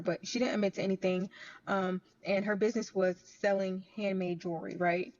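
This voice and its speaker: A woman's voice: medium pitch, fairly even intonation, brisk, darkish tone. A woman who works in banking, telling a story to camera in a chatty way that repeats points for emphasis. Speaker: bank worker. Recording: dull lo-fi audio.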